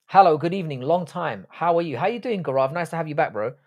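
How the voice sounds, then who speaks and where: A man's voice: fairly high pitch, lively intonation, fast talker. Crude, joking English man in his forties. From England. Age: 40s. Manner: crude, blunt, swearing banter; greeting and reading out viewer chat. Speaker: livestream host. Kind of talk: casual livestream chat.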